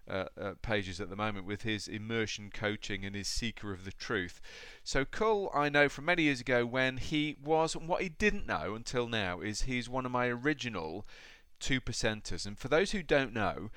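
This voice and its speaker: A man hosting a podcast with upbeat, animated energy. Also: mid-range voice, clean tone, dry recording. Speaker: podcast host.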